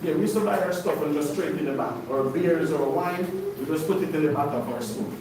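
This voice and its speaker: A man's voice: on the high side, brisk. A man leading a sermon-style Bible study for a congregation, preaching with call-and-response questions. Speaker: teacher of a congregation. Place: congregation hall. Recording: very echoey room, far from mic, noisy.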